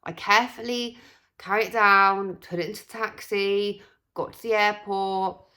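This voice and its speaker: A woman's voice: medium pitch, normal speed. A young woman from England telling a story in a chatty vlog, acting out what people said. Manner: chatty, animated, acts out quoted voices. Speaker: vlogger. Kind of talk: casual storytelling.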